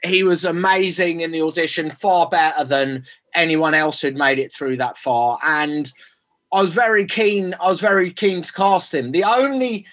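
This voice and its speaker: A man's voice: fairly high pitch, normal speed, fairly bright tone. A man, a film director, answering interview questions casually with many fillers and restarts.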